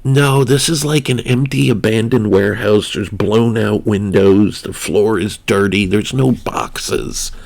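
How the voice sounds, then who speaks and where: A man's voice: fairly low pitch, measured pace, creaky, hardly any pauses, a little mellow. A man voicing a crude, swearing wannabe gangster with a New York-ish tough-guy swagger who turns oddly polite. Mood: urgent.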